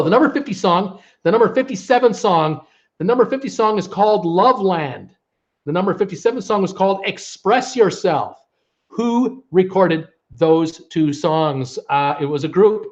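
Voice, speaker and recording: A man hosting a live trivia stream, chatting casually with viewers and humming bits of old songs. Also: sits high. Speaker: host of a live trivia show. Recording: dull lo-fi stream audio.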